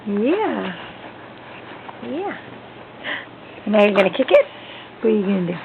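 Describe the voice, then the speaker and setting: A woman's voice: medium pitch, sing-song, a little slow, creaky. A young woman filming a baby at home, cooing and talking baby talk in a playful sing-song. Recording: tinny lo-fi home video with noise.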